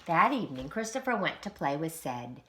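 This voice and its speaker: A woman, a preschool teacher, reading a children's storybook aloud in an expressive, animated way. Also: low voice, moderate pace, noisy background.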